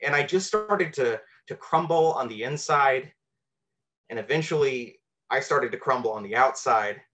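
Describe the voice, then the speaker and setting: A man's voice: medium pitch, animated, normal speed. Earnest man telling a true story. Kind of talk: live personal storytelling.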